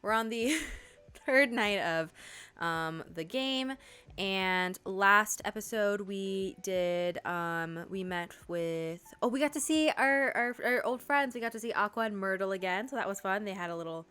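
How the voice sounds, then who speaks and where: This gaming video host is a young woman whose medium-pitched voice has a sharp edge, recorded cleanly. She keeps a measured pace as she chats her way through the game and reads its text out loud.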